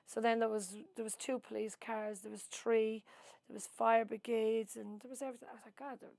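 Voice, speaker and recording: A woman's voice: a little high, flat delivery, brisk, vocal fry, darkish tone, no echo. Irish woman, oral-history storyteller, rambling with asides, dry close sound. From Ireland. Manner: long-winded storyteller who adds asides. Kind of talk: rambling spoken recollection.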